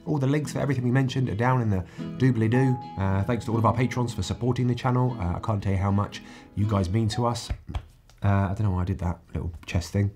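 A chatty man in his forties with a very deep voice, gushing about things he loves. Music plays underneath him. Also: steady tone, quick pace. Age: 40s. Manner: chatty and enthusiastic. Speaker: vlogger. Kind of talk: casual chat.

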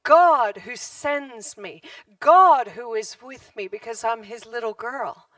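A woman preaches in church, spinning a lively story and laughing often as she acts out the voices she quotes. Her voice sits fairly high and is picked up from a little way off the mic, with a dry sound and little room echo. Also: takes it slowly, recorded from a distance. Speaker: guest preacher. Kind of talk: storytelling sermon.

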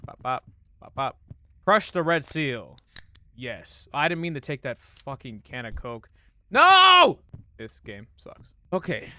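A young man streaming a horror game demo, swearing and reacting, shifting between low muttering and sudden yelling. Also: vocal fry. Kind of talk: live gaming commentary.

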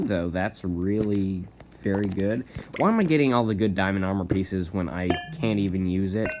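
Excitable male gamer talking through his match, chatty and giggly, average pitch. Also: background noise. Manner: excitable, rambling, laughs often, jumps to high yelps. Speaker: gaming channel host. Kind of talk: casual gameplay commentary.

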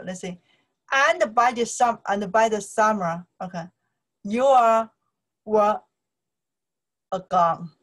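A woman's voice: medium pitch, animated, unhurried. A woman with a Chinese accent and Chinese as her first language teaches song lyrics, repeating words in broken English mixed with Chinese. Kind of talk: explaining song lyrics in a lesson.

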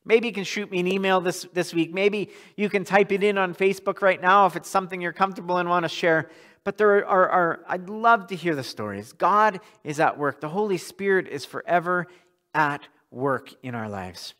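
Earnest high-voiced male pastor preaching. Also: moderate pace, fairly bright tone. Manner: earnest, often repeats words while restarting. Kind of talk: sermon.

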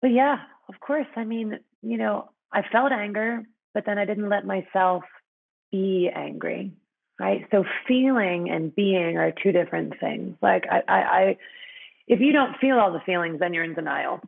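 A woman's voice: mid-range voice, moderate pace, gravelly, narrow, tinny audio. A woman guest in a conversational interview, speaking frankly with many fillers and frequent laughter.

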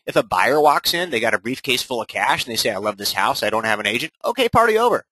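A man coaching other real estate agents in a recorded sales webinar, punchy and energetic, who keeps checking in with "right?". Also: medium pitch, fast talker, slightly rough, no echo, low-quality recording.

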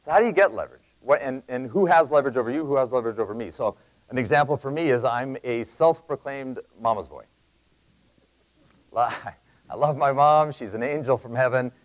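A Canadian man giving an energetic sales talk to a live audience, telling a story in quick bursts with loud emphasis. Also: mid-range voice, low-quality recording. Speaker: sales speaker.

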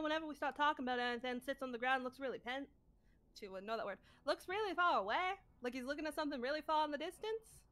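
A high, bright-voiced, scatterbrained adventurer, as a woman puts on a character voice rambles through a recap of a tabletop game. The talk is blunt and forgetful, loses track mid-sentence, and drops casual swears along the way. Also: clear, resonant tone.

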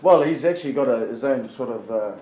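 A man's voice: mid-range voice, animated, a little fast, a crowd in the background. A chummy man, egging his friend on in casual chat. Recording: echoey room with loud music.

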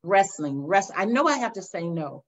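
An older woman minister sharing her testimony in a faith interview, telling it with lively storytelling and acting out the voices. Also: medium pitch, moderate pace. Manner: animated storytelling, acts out voices, addresses listeners as y'all. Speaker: guest minister. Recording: dull lo-fi sound.

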